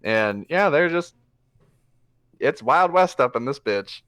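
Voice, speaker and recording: A man's voice: medium pitch, expressive, slow pace, fairly bright tone, clear, resonant tone, no echo. A man narrating a tabletop game as game master, casual and profane with plenty of fillers.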